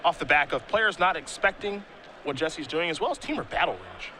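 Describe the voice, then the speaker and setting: Bright-voiced male play-by-play commentator. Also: a little high, very animated, a little fast, a little hiss or hum. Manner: playful, teasing banter. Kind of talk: live tournament commentary.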